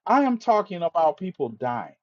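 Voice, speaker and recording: Ranting through an impassioned monologue on his live stream, a man swears, stammers and goes over the same points again. His voice is a little high and very animated, his pace moderate, and the highs are cut off.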